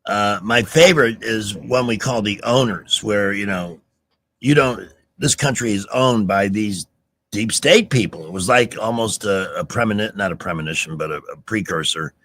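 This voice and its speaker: A middle-aged man hosting talk radio, his voice sitting on the low side. He tells stories with emphatic bursts and frequent restarts, rambling in a casual chat. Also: moderate pace, a bit bright, dry recording. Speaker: radio show host.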